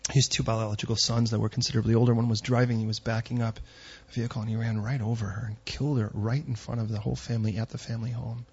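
A man's voice: mid-range voice, flat delivery, fast talker, creaky, hardly any pauses, husky, highs cut off. A middle-aged man preaching a sermon, telling stories and rising to emphatic peaks. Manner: storytelling, rising to emphatic near-shouting peaks. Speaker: pastor.

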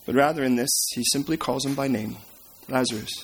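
A man preaching a sermon, retelling scripture as a story and swinging between emphatic and hushed delivery. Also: medium pitch, steady tone, fairly quick, breathy edge. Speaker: pastor.

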